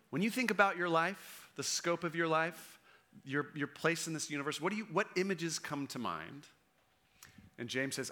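A middle-aged man preaches a sermon with a bright, clear tone. He talks conversationally but with emphasis, often checking in with his listeners as he builds his point. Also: a little high, expressive, normal speed. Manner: conversational, emphatic preaching with frequent "right?" and "okay?". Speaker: pastor.

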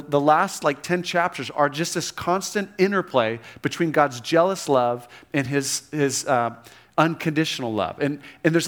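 A male pastor delivers a sermon in a relaxed, conversational tone. His voice sits a little higher than most men's. He shifts into lively, emphatic readings of scripture and falls back to quiet reflection. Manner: conversational preaching, animated quoting of scripture, restarts and laughs.

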